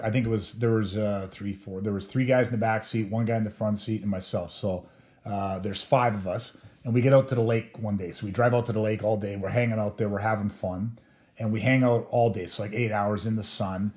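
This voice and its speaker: A man's voice: on the low side, steady tone, a little fast, darkish tone. Middle-aged man, casual storyteller, rambling, swears freely, chuckles. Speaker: storyteller host. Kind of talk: casual anecdote telling.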